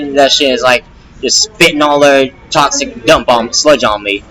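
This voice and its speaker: A man's voice: medium pitch, moderate pace, sharp tone, low-quality recording. A young man, a rapper, venting on a casual live stream, rambling and agitated, full of restarts and swearing.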